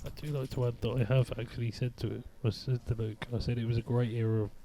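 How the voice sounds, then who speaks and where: A man on casual pool commentary, teasing his co-host in a confiding, hushed way. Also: medium pitch, flat delivery, fast, noisy background.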